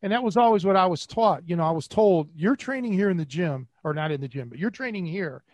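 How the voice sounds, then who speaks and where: A man's voice: high-pitched, expressive, fast, a little mellow, no room sound. A middle-aged man from Cleveland hosting a podcast, telling rambling stories with many restarts and fillers. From Cleveland, USA. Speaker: podcast host and catch wrestling coach. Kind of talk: casual podcast chat.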